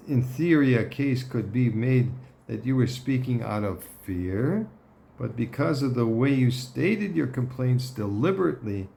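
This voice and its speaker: Man, Torah teacher, slow deliberate delivery, gravelly voice, frequent throat clearing. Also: medium pitch, dark tone. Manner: deliberate, clears throat often, checks in with "okay?". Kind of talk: Torah lesson explanation.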